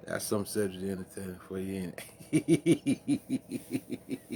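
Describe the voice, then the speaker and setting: A man's voice: sits low, expressive, slow, darkish tone, a little hiss or hum. A man hosting a late-night music stream, rambling in profane, laughing, casual chat between songs.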